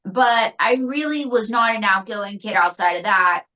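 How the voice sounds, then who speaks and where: A ventriloquist and singer with a Pittsburgh accent, chatting in an interview with a self-mocking humor. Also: female voice, medium pitch, expressive, normal speed, sharp tone, poor audio. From near Pittsburgh. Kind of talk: casual interview storytelling.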